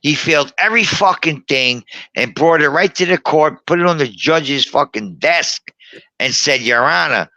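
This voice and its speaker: Profane, lively bar storyteller man. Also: a little high, moderate pace, dry recording. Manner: profane, combative, boastful. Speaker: guest storyteller. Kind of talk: rowdy bar-room storytelling.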